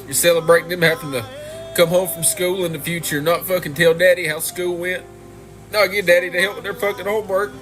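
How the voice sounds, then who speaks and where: Angry, cursing man with a high voice. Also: steady tone, brisk, fairly bright tone, faint music behind. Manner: angry, profane, emphatic. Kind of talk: emotional video rant.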